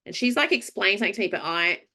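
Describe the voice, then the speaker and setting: A woman's voice: medium pitch, expressive, racing, bright, forceful tone. A woman with an Australian accent, co-hosting a podcast and animatedly telling a story in casual chat, acting out the voices of people she quotes. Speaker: podcast co-host.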